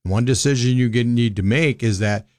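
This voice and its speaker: A man's voice: mid-range voice, normal speed, a little mellow, no room sound, clean studio sound. A man in his sixties with a Minnesota accent, a financial advisor talking plainly and bluntly on a radio show. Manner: folksy, blunt, plain-spoken. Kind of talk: casual radio talk.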